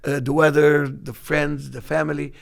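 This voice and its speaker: Gravelly-voiced man telling travel stories. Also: fairly high pitch, moderate pace. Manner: laughs often, animated storytelling. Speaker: co-host. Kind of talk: casual chat.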